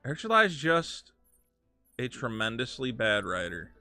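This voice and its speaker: A man's voice: mid-range voice, sing-song, normal speed, pushed and bright, dry recording, faint music behind. A man hosting a live game stream, ranting with profane, sarcastic commentary from his home setup. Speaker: streamer host.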